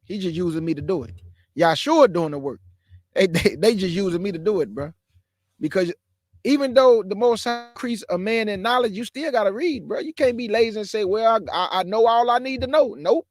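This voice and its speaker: A man's voice: high-pitched, animated, fairly quick, darkish tone, no room sound. A man in his forties giving a casual, emphatic preaching talk as a caller in an online religious discussion, calling his listeners bro and y'all. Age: 40s.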